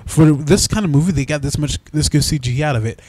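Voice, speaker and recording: A man's voice: a little high, fast talker, husky, no room sound. A man co-hosting a casual movie review, talking with animation and breaking into exaggerated mocking voices. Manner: animated, mocks dialogue in exaggerated put-on voices.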